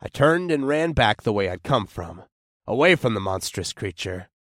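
A young man narrating a first-person horror story in an expressive, tense storytelling manner. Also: fairly low pitch, normal speed, no echo, clean studio sound.

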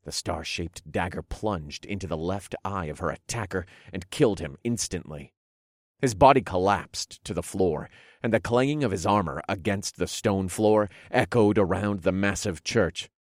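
Deep-voiced man narrating dark fantasy. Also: normal speed, dry recording, clean studio sound. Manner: dramatic, dark storytelling. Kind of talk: audiobook narration.

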